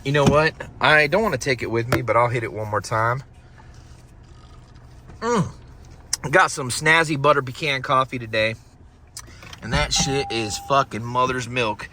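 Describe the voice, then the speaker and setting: A man's voice: medium pitch, moderate pace, pauses often, sharp tone, slight background noise. A man from Florida with a Southern country accent, chatting casually and swearing on a vlog recorded on a handheld phone. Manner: rambling, jokey, swears a lot. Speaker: paranormal vlogger. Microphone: phone camera held by a companion.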